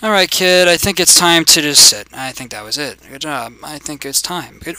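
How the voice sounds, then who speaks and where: A man's voice: on the high side, lively intonation, normal speed, hardly any pauses. Rowdy, foul-mouthed young gaming commentator man. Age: 20s. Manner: profane, rowdy, shouts greetings at other players. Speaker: gameplay commentator.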